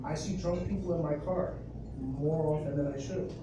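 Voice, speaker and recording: A man, telling animated stand-up stories at an open mic and acting out other people's voices. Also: fairly high pitch, normal speed. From the Bronx, New York. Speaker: stand-up comedian. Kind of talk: stand-up comedy set. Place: club open mic, live audience. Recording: noisy crowded room, distant and echoey.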